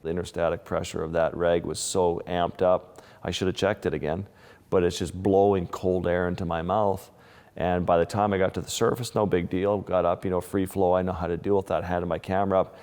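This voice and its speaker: In what sounds like a large hall, a deep, somewhat mellow-voiced Canadian-born wildlife photographer tells stories during an informal interview. He restarts sentences often, uses plenty of fillers, and retells events vividly and restlessly.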